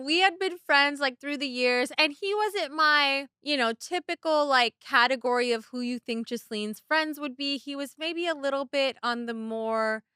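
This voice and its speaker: A bright, high-voiced woman in her thirties swaps blunt, profane stories as a podcast co-host. The sound is dry and close. She talks casually and swears freely. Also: normal speed, no room sound. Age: 30s. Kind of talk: casual chat.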